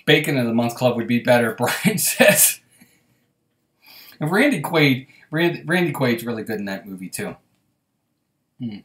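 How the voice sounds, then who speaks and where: A man's voice: medium pitch, big pitch swings, moderate pace, pauses often, fairly bright tone, reverberant. Chatty laughing man hosting a live stream. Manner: laughs often, chatty, reads viewer comments aloud. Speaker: host. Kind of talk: casual live-stream chat.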